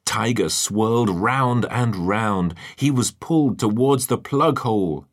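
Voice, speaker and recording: A man narrating a children's storybook in a lively, expressive way. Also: on the low side, a little slow.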